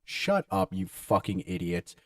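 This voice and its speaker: A man's voice: high voice, sing-song, a little slow, gravelly, no room sound, clean studio sound. A man co-hosting a casual podcast chat, talking bluntly with lots of swearing and mocking asides. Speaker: podcast co-host.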